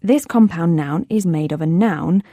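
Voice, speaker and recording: Young woman with a mellow teaching voice. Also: on the low side, a little slow, no room sound. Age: young adult. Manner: friendly, explanatory, light laughs. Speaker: co-presenter of an English vocabulary programme. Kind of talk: scripted teaching dialogue.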